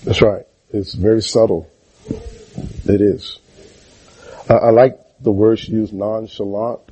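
Husky, mellow-voiced man preaching. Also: on the low side, flat delivery, slow, long pauses. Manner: call-and-response, rhetorical questions to the congregation. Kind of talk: sermon.

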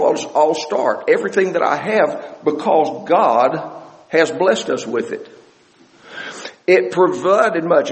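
A man preaching a sermon as pastor of a church, animated and repeating words, slowing down to stress a point. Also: a little high, big-room sound, rough recording.

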